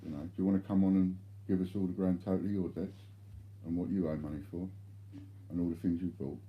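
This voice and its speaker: A man's voice: low voice, fairly even intonation, quick pace, phone-quality sound. A man replying bluntly to viewer chat during a live stream, swearing freely.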